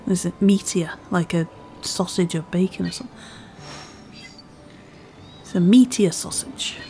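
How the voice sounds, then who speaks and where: A woman's voice: fairly low pitch, a little slow, mellow, faint music behind. Chatty woman, Scouse-Welsh accent. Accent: part Scouse, part Welsh. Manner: chatty, self-deprecating, talking to herself while playing. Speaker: gaming channel host. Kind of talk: casual let's-play commentary.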